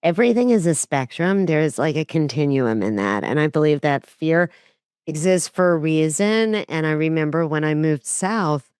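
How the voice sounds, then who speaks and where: A woman's voice: low-pitched, expressive, normal speed, a little mellow, clear, resonant tone, dry recording, clean studio sound. A woman hosting an interview, speaking casually and reflectively with frequent fillers. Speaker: host.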